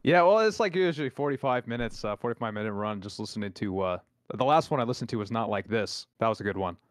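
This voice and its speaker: Male podcast guest, quick, eager, dry close sound. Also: on the low side, animated, no room sound. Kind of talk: casual chat.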